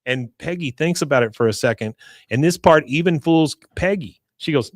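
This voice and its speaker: A male podcast host recapping a cartoon episode in a casual, animated way, acting out the characters' lines. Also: fairly high pitch, normal speed, dry recording, studio quality. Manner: animated storytelling, acts out lines.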